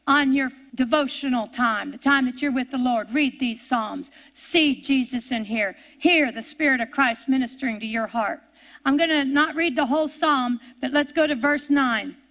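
A woman preaching a sermon, reading scripture aloud with rising passion and dropping to slow, hushed tones for solemn points. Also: sits high.

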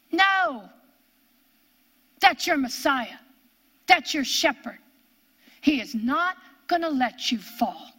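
A woman teaching the Bible in a sermon, dramatic and emphatic, asking rhetorical questions and dropping to hushed tones. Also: sits high. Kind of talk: sermon, reading and expounding scripture.

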